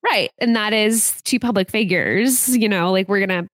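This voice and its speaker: A woman's voice: mid-range voice, normal speed, dry recording, studio quality. A young woman co-hosting a celebrity gossip podcast, speaking in an outspoken, reflective way with lots of fillers. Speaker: podcast co-host. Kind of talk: casual celebrity gossip chat.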